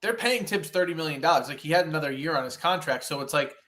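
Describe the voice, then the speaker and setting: A man's voice: a little high, expressive, fast talker, sharp tone. A man in a casual sports podcast chat, skeptically questioning a team's choices.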